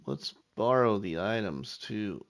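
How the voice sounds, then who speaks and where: A middle-aged man hosting a live game stream, chatting casually with viewers in an easygoing way while he thinks out loud. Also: lowish voice, expressive, takes it slowly. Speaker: live-stream gaming host.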